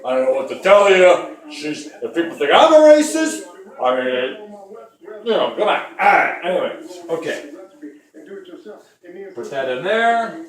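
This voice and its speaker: High-voiced man rambling jokes in a kitchen. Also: sing-song, a little slow, long pauses, reverberant, recorded from a distance. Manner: rambling, jokey asides to viewers. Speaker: home cooking show host. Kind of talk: joking cooking demonstration.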